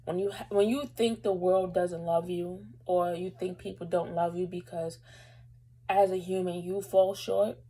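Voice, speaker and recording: Husky young woman telling a personal story. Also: on the low side, steady tone, a little slow, mellow, rough recording. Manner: emotional, holding back tears; rambling, lots of fillers. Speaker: vlogger. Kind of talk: casual storytelling to camera.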